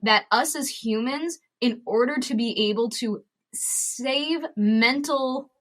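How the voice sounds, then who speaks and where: A woman's voice: fairly high pitch, slow. A woman comedian and advocate, a podcast guest who talks bluntly and emphatically with lots of swearing. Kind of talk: candid podcast interview.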